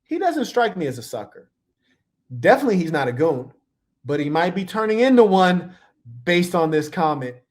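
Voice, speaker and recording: A man's voice: high-pitched, normal speed. A man casually reacting to video clips, telling stories in a playful, slangy way. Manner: playful, animated storytelling with slang.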